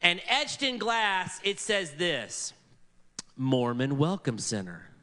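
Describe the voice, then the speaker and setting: A man's voice: fairly high pitch, slow pace. A man preaching a story-driven sermon, acting out the people he quotes with shifting voices. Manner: animated, acts out quoted people in varied voices.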